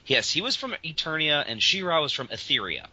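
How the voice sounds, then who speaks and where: Exasperated man ranting, bright voice. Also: fairly high pitch, very animated, brisk, breathy edge. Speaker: podcast co-host. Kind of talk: casual comedic chat. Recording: dull lo-fi podcast audio.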